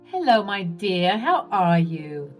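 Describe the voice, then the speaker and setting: A woman voicing a sugary, two-faced older mother-in-law who talks in a sweet, fake-caring, drawn-out way. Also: on the low side, big pitch swings, soft background music, exaggerated voice. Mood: syrupy.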